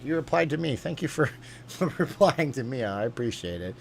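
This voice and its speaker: A man's voice: medium pitch, lively intonation, moderate pace, creaky, slight background noise. Rambling man hosting a chat stream. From USA. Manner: rambling, reads comments aloud, many fillers. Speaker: livestream host reading chat. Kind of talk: casual livestream chat.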